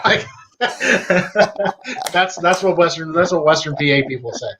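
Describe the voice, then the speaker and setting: A man's voice: a little high, animated, unhurried, sharp tone, a little hiss or hum. A man with a Western Pennsylvania accent hosting a casual talk, chatty and jokey, stumbling over his words. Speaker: podcast host. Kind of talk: casual conversation.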